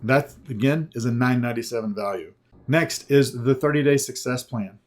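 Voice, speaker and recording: A man giving an emphatic sales pitch presentation, using short, repeated punchy phrases, with a slightly scratchy throat. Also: moderate pace. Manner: punchy, repetitive, emphatic selling.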